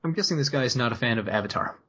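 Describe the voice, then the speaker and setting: A man with a husky voice hosts a casual comedy podcast, reading lines aloud in a flat, deadpan way. The audio is dull and lo-fi. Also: medium pitch, rapid-fire. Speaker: podcast co-host.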